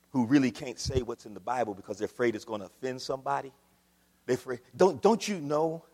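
A man preaching a sermon as pastor, swinging from quiet asides to loud shouts. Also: high voice, slightly rough. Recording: long hall reverb.

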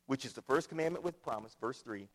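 A man from Ohio preaching a sermon, swinging between loud declarations and quiet asides as he addresses the congregation. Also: mid-range voice, animated, quick pace, long reverb tail. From Akron, Ohio. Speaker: pastor.

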